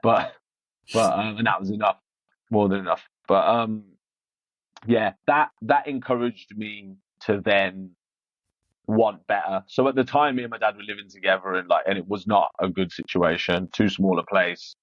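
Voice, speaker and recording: A man's voice: lowish voice, moderate pace, fairly bright tone, no room sound. A man, a podcast guest, talking frankly and casually, often repeating words as he restarts. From Iran. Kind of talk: casual interview chat. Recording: dull, dry, lo-fi sound.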